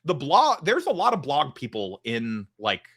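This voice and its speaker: Lively, rambling male podcast co-host. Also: medium pitch, measured pace. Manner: rambling, full of "like" and restarts, teasing. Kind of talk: casual podcast chat.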